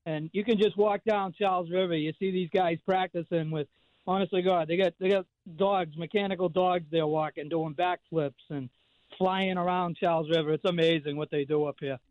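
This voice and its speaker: A man's voice: high voice, steady tone, normal speed, no room sound. Talkative Boston man on a dull line. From Boston area. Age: 50s. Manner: rambling storyteller, lots of fillers and restarts. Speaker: regular call-in guest. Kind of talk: casual radio chat.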